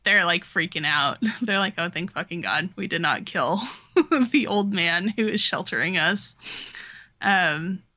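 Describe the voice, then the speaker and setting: Podcast co-host, woman, bright and forceful tone, dry close sound, acts out every character. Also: on the low side, no room sound. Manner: animated, acts out characters in quick quoted lines, laughs often. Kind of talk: casual chat, retelling a manga with quick voiced asides.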